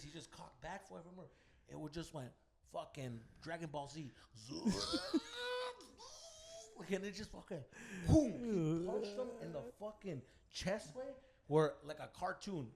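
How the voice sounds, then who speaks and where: A man with a high, wildly swooping voice tells a story on a podcast. He talks in a casual, profane way, drops Spanish slang into his talk and loudly acts out the people in it. The talk comes from a comedy club's green room. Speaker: podcast co-host.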